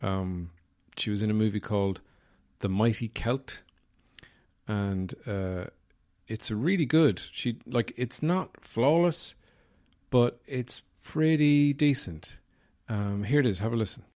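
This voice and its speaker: A man's voice: lowish voice, takes it slowly, darkish tone. A man with an Irish accent hosting a podcast, talking casually and rambling, with fillers and swearing. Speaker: podcast host. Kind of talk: casual chat.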